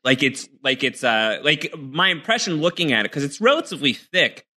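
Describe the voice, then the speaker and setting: A man's voice: a little high, lively intonation, moderate pace, sharp tone. A man co-hosting a podcast over a video call, chatting casually through a snack taste test and thinking aloud with lots of fillers. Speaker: podcast co-host.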